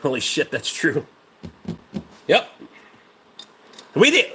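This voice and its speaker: A man's voice: on the high side, huge pitch swings, slow pace, sharp tone, a little hiss or hum. A man hosting a casual livestream, a mechanic rambling about truck parts and swearing freely while answering chat.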